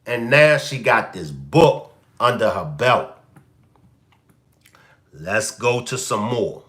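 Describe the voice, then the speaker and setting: Man doing a live stream commentary, aave, bright voice, slow and drawn out, keeps repeating himself at the chat. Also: mid-range voice. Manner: animated, repeats questions to the chat. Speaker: commentary show host.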